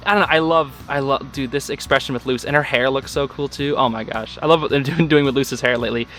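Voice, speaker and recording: A young man giving a casual, excitable recap of a show episode, full of filler words. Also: medium pitch, fast talker, faint music behind.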